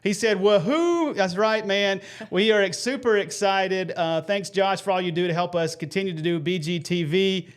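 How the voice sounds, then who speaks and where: High-voiced earnest man. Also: fairly even intonation, moderate pace, hardly any pauses, smooth. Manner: earnest, folksy, gives shout-outs. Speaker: host of a live faith stream. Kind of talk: casual live-stream talk.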